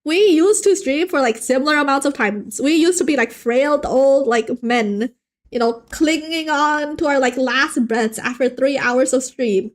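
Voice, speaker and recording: A woman's voice: sits high, measured pace. A young woman chatting playfully with her live-stream viewers while she draws, joking around and often restarting her sentences. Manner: playful and animated, joking with chat, frequent restarts. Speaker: art streamer. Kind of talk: casual live-stream chat while drawing.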